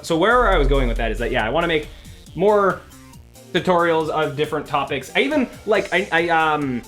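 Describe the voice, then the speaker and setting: Man, livestream developer, casual rambling chat, slightly high voice, faint music behind. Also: a bit bright. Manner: rambling, many restarts and fillers.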